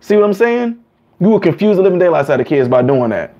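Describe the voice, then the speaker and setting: A man with a fairly high voice hosts a casual live chat, answering viewers in an animated way. He slips into higher voices to act out what others say, and the sound is dull and lo-fi. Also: fast. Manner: animated, acts out quotes in higher voices, laughs often.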